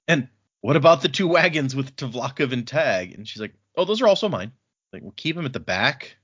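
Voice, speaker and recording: A man co-hosting a casual book podcast, retelling scenes and tossing in quick quoted lines with frequent laughs. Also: medium pitch, a bit bright, slightly rough. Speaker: podcast co-host. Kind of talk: casual book-club chat. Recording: dull lo-fi audio.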